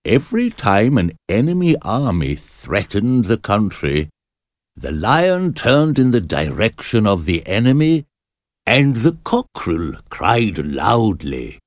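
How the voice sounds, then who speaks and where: A man's voice: on the low side, big pitch swings, slow pace, no room sound, clean studio sound. A man doing an arrogant old astrologer. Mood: storytelling. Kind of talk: storybook reading.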